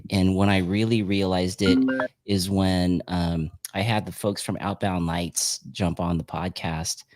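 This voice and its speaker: A man's voice: low voice, little pitch movement, a little slow, darkish tone, soft background music. Laughing guy hosting a podcast, easygoing chat, takes callers. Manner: laughs often, upbeat. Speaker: podcast host.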